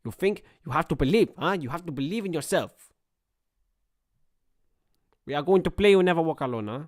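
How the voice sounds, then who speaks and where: A man doing an impression of a football manager giving an earnest team talk in a put-on Spanish accent, repeating short emphatic phrases in a hushed voice. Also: fairly high pitch, expressive, rapid-fire, close to an everyday voice.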